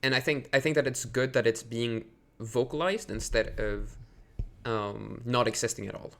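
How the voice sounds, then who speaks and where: A Swedish man rants on a live stream at medium pitch and normal speed, his voice carrying vocal fry. He rambles indignantly, packs his talk with fillers, and bursts louder whenever he gets outraged.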